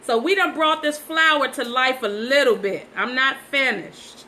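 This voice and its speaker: A woman with a high-pitched, sharp voice talks a little slowly as she paints sunflowers on a phone livestream, over slight background noise in a rough recording. Her casual chat is aimed straight at her viewers, and she tends to repeat herself.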